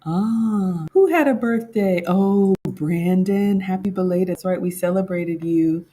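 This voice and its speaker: Low-pitched woman home cook, chatty and folksy, calls her viewers "y'all" while she bakes at home. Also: unhurried, warm tone, husky. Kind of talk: casual chat reviewing a baking class. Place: home kitchen.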